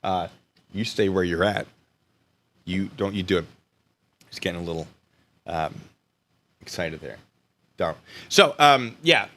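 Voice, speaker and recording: With a mid-range voice, an American man runs a casual live stream, joking around and chatting with his viewers. His animated delivery swings from loud bursts to mumbled asides.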